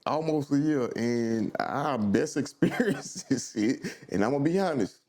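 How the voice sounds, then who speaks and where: A man from Baton Rouge, a podcast guest telling stories with animated southern slang in casual conversation. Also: medium pitch, a little slow. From Baton Rouge, Louisiana.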